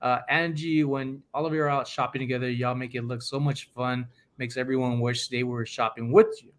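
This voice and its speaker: A man's voice: medium pitch, brisk. A man hosting a podcast, chatting casually and acting out the people in his stories. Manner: animated storyteller acting out quoted people. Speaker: podcast host. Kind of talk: casual chat.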